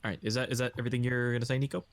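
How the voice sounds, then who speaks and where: A man's voice: mid-range voice, level tone, racing, no room sound. A man hosting a casual podcast chat, joking and rambling. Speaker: podcast host.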